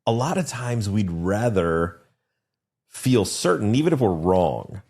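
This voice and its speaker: A man speaking in a casual conversation, reflective and measured. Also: lowish voice, big pitch swings, darkish tone.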